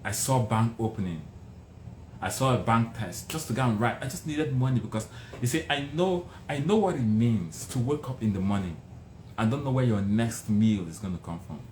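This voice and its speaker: A man's voice: medium pitch, normal speed. Emphatic Nigerian man telling his story. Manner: emphatic, animated, dramatic repetitions. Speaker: motivational speaker. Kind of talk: motivational storytelling talk. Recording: roomy with faint noise.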